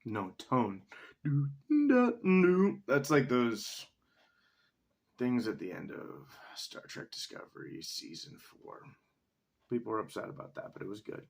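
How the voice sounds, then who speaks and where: A man's voice: fairly low pitch, animated, a little slow, vocal fry. A man talking casually to himself in a solo vlog, rambling as he reads definitions aloud and swears now and then. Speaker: vlogger.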